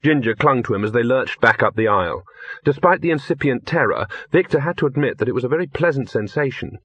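A man narrating an audiobook in a measured, even storytelling manner, on a dull recording. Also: medium pitch, slightly rough, no room sound. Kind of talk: scripted narration.

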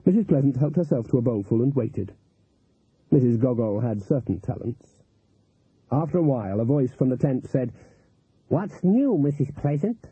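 A man reads a story aloud with a husky voice and an animated, lively lilt. The recording is tinny and dry, with a phone-like narrow sound and no room echo. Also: mid-range voice, normal speed. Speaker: narrator. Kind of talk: audiobook narration.

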